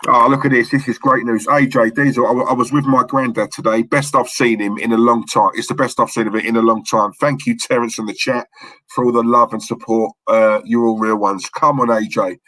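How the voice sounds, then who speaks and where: A man's voice: mid-range voice, steady tone, a little fast, fairly bright tone, dry recording, rough recording. A young man with a London-Essex accent, chatting casually on a livestream and reading out the chat in a laddish, jokey way. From London area, England. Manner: laddish, jokey, says mate a lot.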